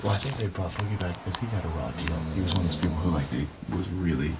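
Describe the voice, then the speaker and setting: A deep, gravelly-voiced man rambles through stories late at night, swearing freely and restarting sentences as he goes. He talks in a shared bedroom over a clip-on mic, with heavy hiss covering the live-feed audio. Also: quick pace. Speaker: reality show houseguest. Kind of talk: late-night casual storytelling.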